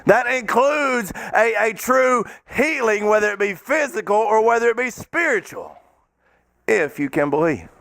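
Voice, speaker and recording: A man with a high, gravelly voice preaches a sermon in a church. He speaks fervently in folksy, down-to-earth phrasing and now and then breaks into a shout. The sound is close and dry. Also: big pitch swings, measured pace, no echo. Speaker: pastor. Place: church sanctuary.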